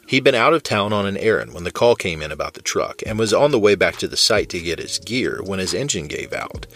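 A man narrating fiction in a steady, measured way. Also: deep voice.

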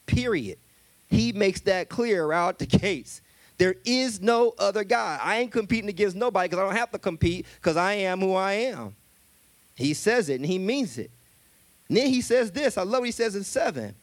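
A man's voice: high voice, lively intonation, moderate pace, no echo. A man preaching a sermon as minister, emphatic and colloquial, often repeating his key phrases.

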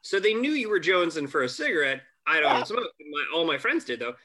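A man with a very bright, forward voice and a slightly high pitch for a man, telling stories in a relaxed chat. He acts out the people he quotes and chuckles as he goes. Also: fast, slight background noise. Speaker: podcast guest, family lawyer. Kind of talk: casual storytelling chat.

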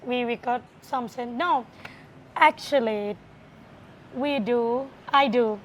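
A woman's voice: fairly high pitch, slow pace, slight background noise. A woman whose first language is Thai, a bar owner answering interview questions in playful, non-native English.

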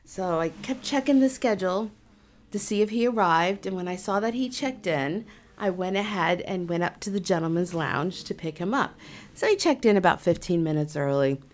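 A middle-aged woman, a massage therapist, telling a personal story casually, animated and self-mocking, with nervous laughs. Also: fairly low pitch, normal speed.

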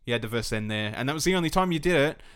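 Animated, foul-mouthed man. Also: mid-range voice, very fast, clear, resonant tone. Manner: animated, swears freely, breaks into mock voices. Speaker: podcast co-host. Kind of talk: casual gaming podcast chat.

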